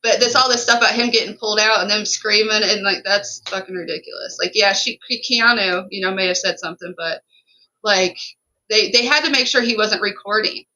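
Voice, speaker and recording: A woman's voice: medium pitch, a little fast, bright, forceful tone, poor audio. A woman co-hosting a podcast, telling a story in an emphatic, profane, run-on way. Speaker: podcast co-host.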